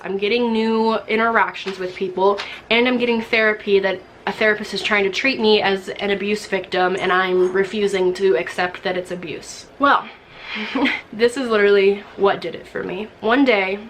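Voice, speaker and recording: A young woman vlogger telling a personal story, emotional and rambling, acting out what she said in a higher voice. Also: a bit bright, a little hiss or hum, rough recording. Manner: emotional, rambling, acts out quoted dialogue with higher voice.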